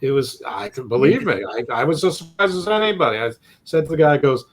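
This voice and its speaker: A man's voice: fairly high pitch, sing-song, fairly quick. A man co-hosting a casual sports podcast, rambling with stammered restarts and self-deprecating jokes. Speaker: podcast co-host.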